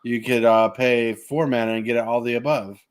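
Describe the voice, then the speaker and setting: A man's voice: mid-range voice, steady tone, normal speed, smooth, no echo, clean studio sound. A man co-hosting a casual podcast chat, reading aloud in a plain, matter-of-fact way. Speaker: co-host.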